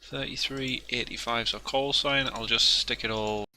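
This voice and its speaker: A man's voice: mid-range voice, steady tone, moderate pace, pushed and bright. A young man chatting and joking with viewers while flying a simulator on a live stream. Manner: jokey, chatty, talks to viewers while working. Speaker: flight sim streamer. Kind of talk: casual live-stream chat.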